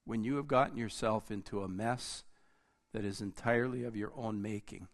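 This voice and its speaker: A man preaching a sermon, slow and deliberate, rising in force and then dropping almost to a hush. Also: lowish voice, steady tone. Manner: slow, deliberate preaching that rises and drops to near-quiet.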